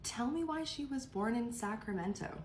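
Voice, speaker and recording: A woman's voice: on the high side, animated, normal speed, a little hiss or hum. A young woman from the United Kingdom telling a gossipy story in a chatty, casual way.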